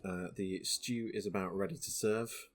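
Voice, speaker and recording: A man's voice: low-pitched, steady tone, normal speed, soft background music. A man narrating a tabletop game as game master, in a casual, chatty way with many fillers.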